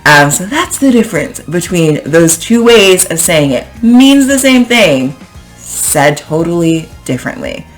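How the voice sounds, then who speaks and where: Brief: female English teacher, unhurried delivery, playful explainer for an online lesson. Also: lowish voice, very animated, soft background music. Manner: chatty, playful, acts out example phrases. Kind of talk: casual online vocabulary lesson.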